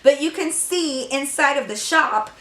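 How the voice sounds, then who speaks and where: A woman in her twenties telling a storytime vlog, profane and animated, talking straight to her viewers. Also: high-pitched, measured pace. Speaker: vlogger. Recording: echoey room.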